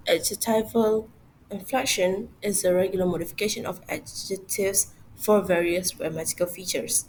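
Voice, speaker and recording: A woman's voice: mid-range voice, darkish tone, a little hiss or hum, rough recording. Young woman reading a class presentation. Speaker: university student presenter.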